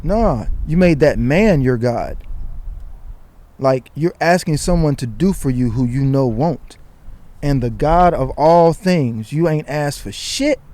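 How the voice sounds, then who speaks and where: Man, guest storyteller, animated, slangy, mellow warm voice, slightly high pitch. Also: slow. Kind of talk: casual storytelling.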